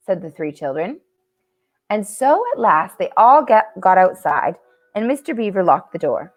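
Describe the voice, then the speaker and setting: Lady reading bedtime story at home at night, lively up and down voice, chatty. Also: mid-range voice, moderate pace. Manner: chatty, warm asides between read passages. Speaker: camp storyteller.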